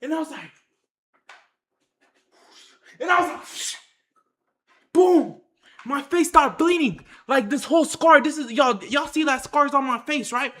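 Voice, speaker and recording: A high-voiced storyteller spins a wild adventure for the viewers, full of slang and constant filler. The voice bounces off the walls of an echoey room as they shout out sound effects and repeat lines for emphasis. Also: moderate pace. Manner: excited, acts out the action with sound effects and shouts. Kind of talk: animated tall-tale storytelling to viewers.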